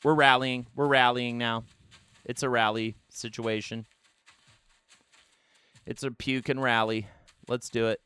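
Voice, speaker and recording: A man streaming a game live, talking through it with animated, self-mocking banter. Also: medium pitch, a little slow, long pauses, smooth, no echo. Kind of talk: live gameplay commentary.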